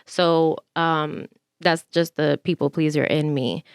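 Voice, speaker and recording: A woman's voice: sits low, steady tone, clear, resonant tone, no room sound, clean studio sound. A young woman co-hosting a podcast, chatting casually and filling her talk with "like". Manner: chatty, quick asides with frequent "like". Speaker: podcast co-host. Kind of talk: casual chat.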